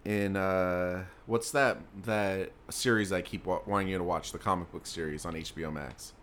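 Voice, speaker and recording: A man's voice: low-pitched, steady tone, normal speed, fairly bright tone. A young man co-hosting a casual podcast chat, laughing often and rambling through asides that trail off. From South Florida. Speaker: podcast co-host.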